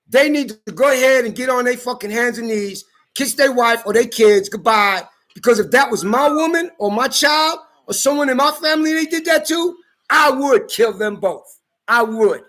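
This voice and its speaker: High, bright-voiced man ranting angrily. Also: normal speed. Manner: heated, profane, often shouting. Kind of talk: angry rant to camera. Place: California.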